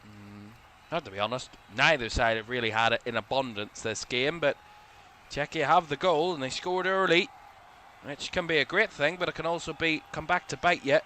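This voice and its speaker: A man giving relaxed live play-by-play commentary on a football match for a watchalong stream, chatty and a little drowsy, yawning now and then and correcting himself as he goes. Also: a little high, normal speed, a little hiss or hum. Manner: relaxed, chatty, thinking aloud with small self-corrections.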